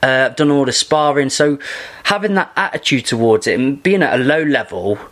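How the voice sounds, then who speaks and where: A man's voice: mid-range voice, fairly quick, a bit bright. A man in casual podcast chat, an enthusiastic and rambling storyteller who laughs often.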